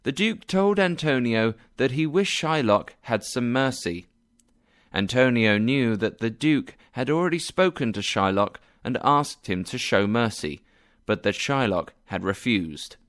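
A man narrating a story in a slow, clear, deliberate reading style. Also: mid-range voice, expressive, fairly bright tone, no room sound, clean studio sound.

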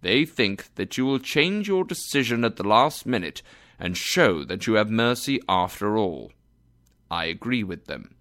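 A man voicing a grave duke in a read-aloud story, measured and formal. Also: mid-range voice, a bit bright.

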